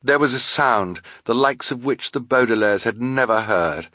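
A man reading a children's novel aloud in a measured storytelling manner. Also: mid-range voice, expressive, bright, forceful tone, no room sound, studio quality. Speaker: audiobook narrator. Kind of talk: scripted narration.

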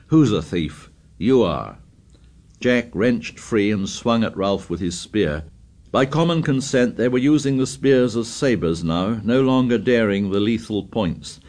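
A man reading a novel aloud in steady, scripted narration. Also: lowish voice. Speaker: audiobook narrator.

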